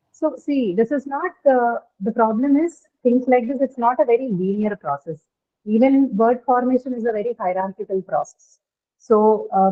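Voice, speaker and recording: A woman with an Indian English accent teaching an online class, explaining step by step and checking understanding. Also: on the high side. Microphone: video call. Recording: tinny phone-like line.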